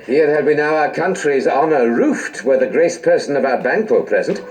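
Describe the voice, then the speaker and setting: A man's voice: a little high, animated, normal speed, a little mellow, slight background noise, close to an everyday voice. An actor playing Macbeth, a guilt-haunted king, speaking Shakespearean verse that breaks into terrified outbursts in an audio drama. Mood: brooding. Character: guilt-haunted Scottish king, man, middle-aged. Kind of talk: audio drama recording of a stage play.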